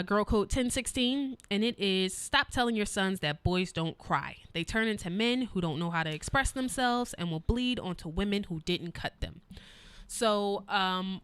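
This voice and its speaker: A young adult woman co-hosting a podcast, talking in a blunt, profane, animated storytelling way. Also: medium pitch, a little slow, clean tone, dry recording. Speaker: podcast co-host. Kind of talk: casual chat.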